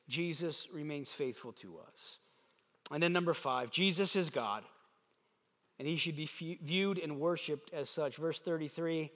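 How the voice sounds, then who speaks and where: A man's voice: fairly high pitch, fairly even intonation, normal speed. A man preaching a sermon as pastor, reading scripture aloud with emphatic delivery. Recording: long hall reverb.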